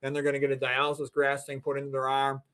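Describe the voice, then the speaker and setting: A man's voice: medium pitch, completely flat delivery, quick pace, a bit bright, smooth. A man in his sixties, a physician and guest, explaining things in a blunt, emphatic, lecturing way. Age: 60s. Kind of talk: interview talk.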